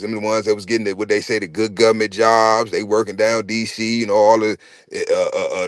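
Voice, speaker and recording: A man, hosting a podcast in a casual, profane rant. He is animated, repeats himself and stumbles over words. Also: on the low side, no echo, clean studio sound. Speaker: podcast host. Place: podcast studio.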